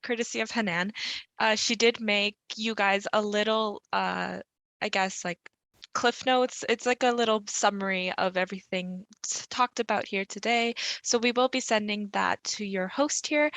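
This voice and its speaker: A woman's voice: mid-range voice, moderate pace, a bit bright, dry recording. A young woman student presenter, friendly and giggly as she adds a last note for the audience. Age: young adult. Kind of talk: casual presentation.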